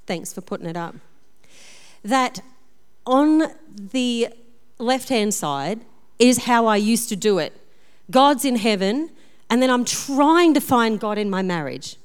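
A woman pastor preaching a sermon, telling personal stories in a lively, self-deprecating way. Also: on the high side, takes it slowly, long pauses, clear, resonant tone. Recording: long reverb of a large hall.

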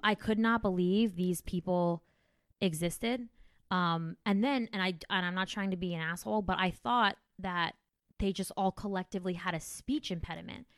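A woman comedian hosting a casual podcast chat, crude and animated, swearing freely. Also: lowish voice, moderate pace, no room sound, studio quality.

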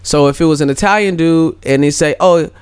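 A man's voice: a little high, fairly quick, clean tone, dry recording. A man co-hosting a casual podcast chat, laid-back and slangy, pushing back with questions. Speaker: podcast co-host.

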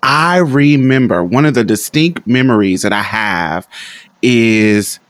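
A man's voice: medium pitch, expressive, slow pace, no echo. A man hosting a podcast, telling a memory in casual conversation, reflective and loose, with fillers and laughs. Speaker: podcast host.

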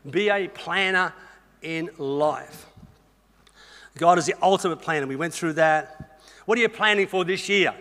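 Aussie preacher guy, high bright voice, chatty and punchy, big echoey church hall. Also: measured pace, long pauses. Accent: Australian. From Australia. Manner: energetic and conversational, talks straight to the congregation with humor. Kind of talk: sermon. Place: church auditorium.

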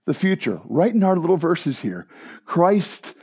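A male pastor with a slightly higher voice preaches a sermon, swinging between loud, emphatic proclamation and quiet, hushed passages. His pace is measured and his voice has a breathy edge. Excited and conversational, he makes asides to the congregation.

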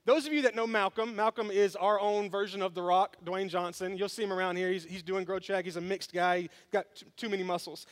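High-voiced, animated preaching man. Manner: animated storytelling with humor, addressing the congregation. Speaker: pastor. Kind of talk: sermon. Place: church sanctuary.

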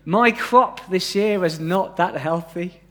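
A man with a fairly high voice preaching a sermon in church. He talks conversationally and throws questions out to the congregation. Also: slow pace, pushed and bright.

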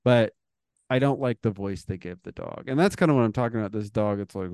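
Smooth, dry-voiced podcast co-host. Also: medium pitch, fairly quick, darkish tone, no room sound. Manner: rambling, wondering aloud, trails off. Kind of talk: casual comedic chat.

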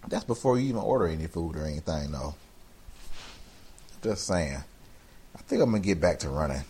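A man's voice: sits low, lively intonation, a little fast, mellow, breathy edge. A man co-hosting a podcast, telling rambling, playful stories in casual banter. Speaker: podcast co-host.

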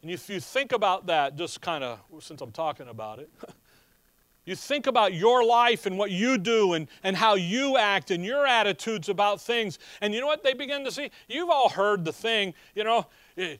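High-voiced man preaching a conversational sermon. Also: lively intonation, moderate pace, a bit bright, no room sound. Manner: conversational preaching full of rhetorical questions; tells personal stories with chuckles. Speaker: pastor.

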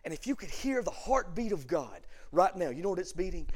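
High-pitched pastor guy preaching in church, goes quiet then loud, repeats stuff for punch. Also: sing-song, a little fast, hardly any pauses. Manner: preaching with dramatic swings from hushed to loud; repeats words for emphasis. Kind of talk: sermon.

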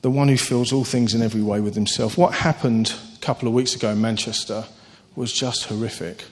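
A man preaching a sermon, earnest and animated, telling stories with sudden lifts in his voice. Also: mid-range voice, fairly quick. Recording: long hall reverb.

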